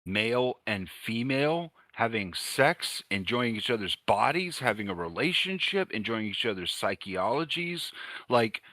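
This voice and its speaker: A man's voice: mid-range voice, very animated, measured pace, bright, forceful tone. A man in a casual live stream chat, talking in an emphatic, profane rant. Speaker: panel participant.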